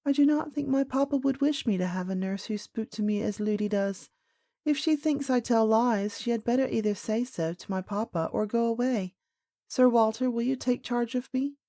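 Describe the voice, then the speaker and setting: A woman voicing a small princess girl who speaks quietly and with composure. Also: a little high, moderate pace, no room sound, studio quality, pitched above the performer's own voice, natural voice. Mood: calm dignified. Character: little princess girl, calm and dignified.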